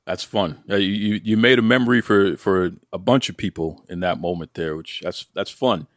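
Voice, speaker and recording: A man's voice: deep voice, moderate pace, no echo, clean studio sound. A man hosting a wrestling interview show, asking questions in a playful, teasing way. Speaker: podcast host.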